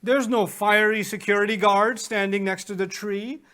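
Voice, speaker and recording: A man teaching Quran commentary in an animated lecture, asking rhetorical questions and retelling stories with humor. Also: high-pitched, moderate pace. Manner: animated, asks rhetorical questions and answers them.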